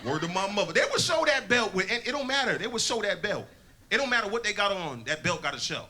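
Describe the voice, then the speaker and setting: A man's voice: high voice, lively intonation, fast, bright, forceful tone. A man from Connecticut doing a stand-up set, telling stories in loose, profane slang. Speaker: stand-up comedian. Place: comedy club stage. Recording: live club crowd with laughter.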